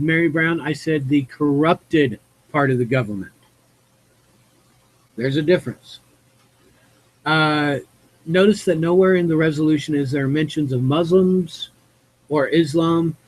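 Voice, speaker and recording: Guy reading news on his stream and ranting about it, kinda husky, voice on the higher side, lots of uh's. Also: poor audio. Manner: rambling, with fillers and self-corrections. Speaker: streamer hosting a Q&A. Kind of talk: reading news aloud with opinionated commentary.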